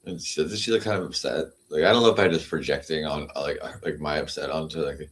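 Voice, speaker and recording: Low-voiced male streamer, rambling and unhurried, talks to his cat between thoughts. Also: steady tone. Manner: meandering, heavy on fillers, coos at his cat. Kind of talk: casual rambling livestream chat.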